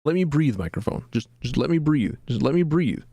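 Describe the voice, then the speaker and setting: A man's voice: on the high side, lively intonation, a little fast, dark tone, no room sound, studio quality. A young man streaming a video game, rambling in a self-deprecating way and fussing at his microphone. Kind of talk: casual gameplay commentary.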